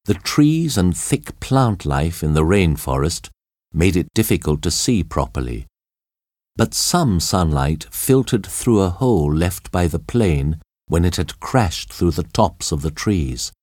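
Deep, slow-reading male narrator. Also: big pitch swings, a little mellow, no room sound, clean studio sound. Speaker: audiobook narrator. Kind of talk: scripted narration of a graded reader.

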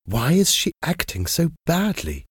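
A man reading a story, voicing an angry, proud young gentleman with an indignant, scornful manner. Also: fairly high pitch, huge pitch swings, measured pace, slightly rough, no echo, clean studio sound, pitched above the performer's own voice, exaggerated voice.

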